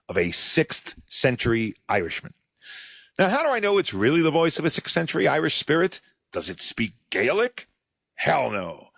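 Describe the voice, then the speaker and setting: A male podcast host narrating a scripted story with a dry, sardonic wit. His pitch rises and falls in lively swoops. The recording is close and dead, with no room sound at all. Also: no room sound.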